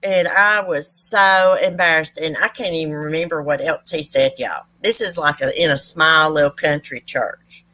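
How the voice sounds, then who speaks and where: A woman's voice: sits low, moderate pace, few pauses, pushed and bright. A woman talks to her viewers as a channel host. She tells family stories in a folksy, rambling way, full of asides and side remarks. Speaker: true crime channel host. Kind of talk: casual storytelling to viewers.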